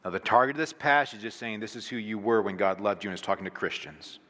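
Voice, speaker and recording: A man's voice: lowish voice, quick pace, fairly bright tone. A man, a pastor, preaching a sermon in a conversational way with rhetorical questions, in a church sanctuary. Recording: long reverb of a large hall.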